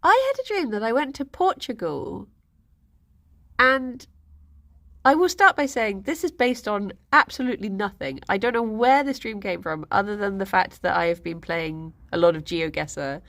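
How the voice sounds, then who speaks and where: A woman's voice: medium pitch, animated, normal speed, a bit bright. A young woman, chatting casually on a stream and telling rambling stories with lots of giggles. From England. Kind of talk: casual chat.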